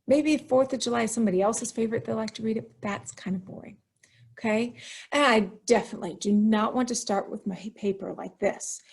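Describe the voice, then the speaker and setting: Upbeat lady teacher walking kids thru a writing lesson, kinda high voice. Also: creaky, husky. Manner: upbeat, explains slowly and stresses key words.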